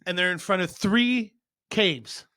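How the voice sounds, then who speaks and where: A man co-hosting a podcast, telling a long rambling joke in casual chat, with squeaky outbursts for his characters. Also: takes it slowly, no room sound. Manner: animated storytelling, squeaky voices for characters. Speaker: podcast co-host. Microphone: studio mic.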